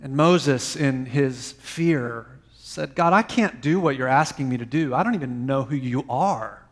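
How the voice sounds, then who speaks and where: A man preaching a sermon, swinging from emphatic lines to soft, quiet phrases. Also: medium pitch, measured pace. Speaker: pastor.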